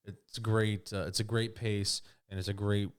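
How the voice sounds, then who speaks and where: A man's voice: fairly low pitch, little pitch movement, moderate pace, clear, resonant tone. A man co-hosting a casual movie review chat, blunt and leading the talk, swearing freely. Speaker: co-host.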